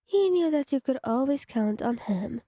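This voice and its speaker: A young woman narrating a second-person fan fiction story in an even, read-aloud delivery. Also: sits high, normal speed, no room sound, clean studio sound.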